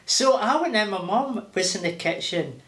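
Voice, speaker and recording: An older man with a Glaswegian accent, telling lively stories with laughter as an interview guest. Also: high voice, normal speed. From Scotland. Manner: animated, laughing, acting out voices. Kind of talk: casual storytelling. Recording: roomy echo.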